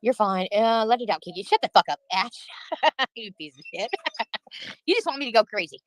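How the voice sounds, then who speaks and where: A woman's voice: a little high, animated, moderate pace, no echo, poor audio. Angry, profane woman streamer ranting. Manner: profane, heated and venting. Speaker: livestreamer. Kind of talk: angry livestream rant.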